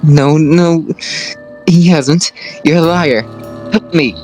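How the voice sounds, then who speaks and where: A woman's voice: low voice, slow pace, dark tone, soft background music, low-quality recording. A woman voicing a grieving mother in denial, pleading and desperate.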